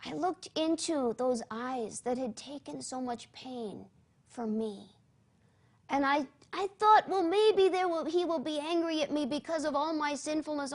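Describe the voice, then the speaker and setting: A woman guest sharing her personal testimony in an interview, earnest and dramatic, dropping to a hushed voice at tender moments. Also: high-pitched.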